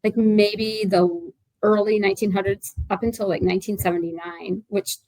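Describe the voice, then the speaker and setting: A woman's voice: mid-range voice, steady tone, normal speed, a little mellow, dry recording, poor audio. A woman in her sixties, an author being interviewed, talking in a chatty, rambling way with lots of fillers and restarts. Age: 60s. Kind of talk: casual interview chat.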